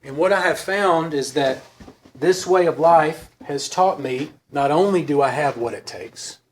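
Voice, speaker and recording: A man speaking to a recovery group in a halting, earnest way, often pausing to search for words. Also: fairly high pitch. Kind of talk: personal recovery talk to a group.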